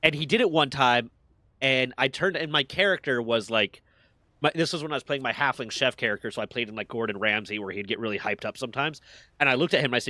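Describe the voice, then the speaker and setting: A man's voice: medium pitch, quick pace, bright, forceful tone, no room sound. A man in casual chat, telling heated stories with plenty of swearing. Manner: profane, heated storytelling.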